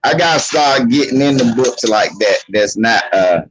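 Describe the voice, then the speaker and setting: A man's voice: mid-range voice, lively intonation, normal speed, husky, poor audio. A man hosting a casual livestream, greeting viewers by name in loose slang. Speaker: livestream host.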